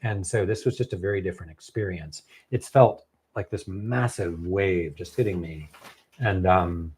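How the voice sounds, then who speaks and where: A man, a novelist, telling a long story in casual conversation, animated and halting with many fillers and restarts. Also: low-pitched, breathy edge. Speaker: novelist guest.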